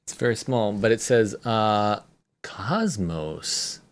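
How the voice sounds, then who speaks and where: A co-host in a casual Bible discussion, relaxed, mostly giving short agreeing replies. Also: mid-range voice, takes it slowly. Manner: relaxed, brief agreeing replies, light laughter. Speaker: co-host reading from Bible software.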